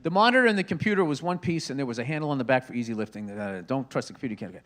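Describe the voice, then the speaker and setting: A man hosting a podcast with a comedic monologue. He rants profanely and swings between loud outbursts and low muttering. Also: animated, rapid-fire. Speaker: podcast host.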